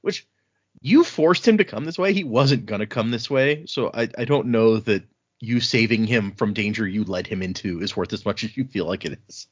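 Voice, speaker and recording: A man co-hosting a casual book podcast, retelling scenes and tossing in quick quoted lines with frequent laughs. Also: lowish voice, slightly rough. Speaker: podcast co-host. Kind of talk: casual book-club chat. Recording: dull lo-fi audio.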